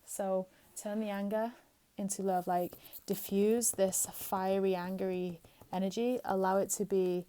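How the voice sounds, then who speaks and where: A woman's voice: medium pitch, little pitch movement, a little slow, mellow, clear, resonant tone. A woman giving a casual spiritual card reading, flowing and soothing, often saying "um" and "right?".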